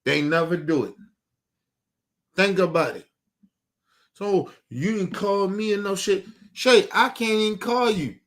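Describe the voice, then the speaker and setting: Man stream host, fiery profane rant, slightly high voice. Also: a little slow, long pauses. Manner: heated, profane, repetitive ranting.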